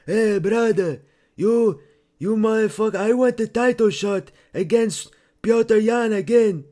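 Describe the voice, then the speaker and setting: A man putting on a loud, high, strained voice as a brash trash-talking male fighter. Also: a little slow. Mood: taunting. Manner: shouted, high strained impression.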